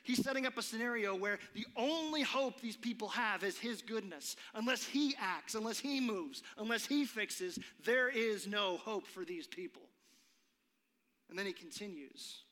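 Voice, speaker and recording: A man preaching a sermon, dramatic and earnest, dropping his voice low for effect. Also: moderate pace, pushed and bright. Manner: dramatic, drops to a whisper for effect. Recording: long reverb of a large hall.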